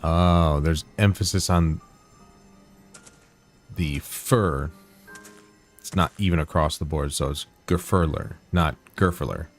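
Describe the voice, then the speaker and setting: A man's voice: extremely low pitch, fairly even intonation, slow, long pauses, soft background music. A man casually commenting on his game during a livestream, playful and jokey, muttering to himself as he plays. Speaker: game streamer.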